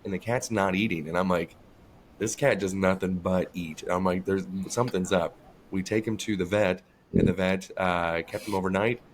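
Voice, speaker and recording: A man co-hosting a podcast, telling a story in an animated, profane way in casual chat. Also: low voice, moderate pace, a little hiss or hum. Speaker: podcast co-host.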